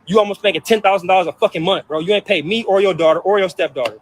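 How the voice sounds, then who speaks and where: High-voiced man venting fast and heated. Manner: heated, profane, repetitive outbursts. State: hurt and upset. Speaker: vlogger. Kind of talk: emotional personal venting to camera.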